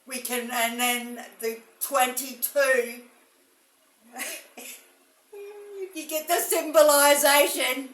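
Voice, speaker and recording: Woman, spiritual storyteller, slow and halting, roomy far-off recording. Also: a little high, a bit bright. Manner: halting, many fillers and restarts. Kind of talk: rambling first-person visionary narration. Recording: echoey room, mic far off.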